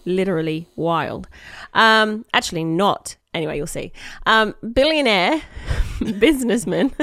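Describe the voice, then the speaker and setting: Casting: giggly woman podcast host, mid pitch, close dry mic. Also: animated, a little slow, fairly bright tone, no room sound. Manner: giggly, storytelling. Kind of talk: casual chat.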